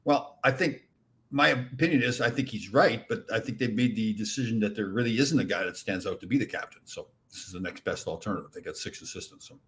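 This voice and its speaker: A man's voice: fairly low pitch, quick pace. A man hosting a casual podcast, teasing his guests and laughing easily. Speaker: podcast host. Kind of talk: casual chat.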